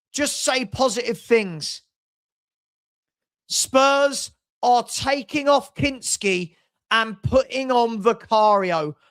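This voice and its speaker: Exasperated fan hosting a match watchalong. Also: male voice, high-pitched. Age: older. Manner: exasperated, sarcastic, bursts into shouts. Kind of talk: live football watchalong commentary.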